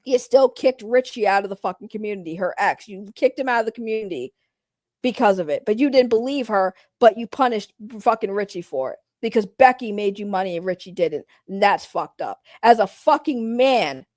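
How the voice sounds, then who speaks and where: A woman's voice: mid-range voice, darkish tone, no echo. A woman streamer ranting in casual commentary, heated and profane, repeating her points.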